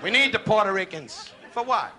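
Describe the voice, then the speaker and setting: New guy doing insult comedy, real high voice, crowd roaring the whole time. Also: animated, moderate pace, heavy background noise. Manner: brash, needling crowd work with put-on voices. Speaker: stand-up comedian. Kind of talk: insult comedy set before a live audience. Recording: archival club recording with loud crowd laughter. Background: loud audience laughter.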